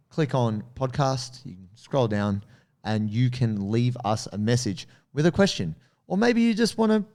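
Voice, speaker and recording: A man's voice: mid-range voice, a little mellow. A man with an Australian accent, co-hosting a podcast and explaining training advice in a coaching, explanatory tone, speaking directly to listeners. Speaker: podcast co-host. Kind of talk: casual podcast chat giving training advice.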